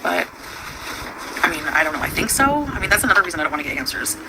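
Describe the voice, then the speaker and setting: A woman's voice: lowish voice, very animated, fast talker. Rambling woman livestreaming at home. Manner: rambling, chatty, with frequent laughs and fillers. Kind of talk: casual livestream chat. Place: at home with her pets. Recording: noisy home stream recording.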